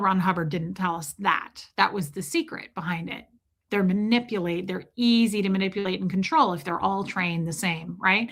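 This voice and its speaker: Bright-voiced woman in her forties. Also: mid-range voice. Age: 40s. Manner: frank and animated, swears, frequent "right?" and "like". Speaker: livestream host. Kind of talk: candid personal storytelling on a livestream.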